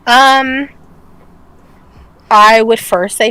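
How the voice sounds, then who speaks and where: A woman's voice: fairly low pitch, animated, moderate pace, fairly bright tone, low-quality recording. A woman co-hosting a casual streamed talk show, telling a personal story candidly, swearing freely and laughing often. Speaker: podcast co-host. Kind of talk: casual chat.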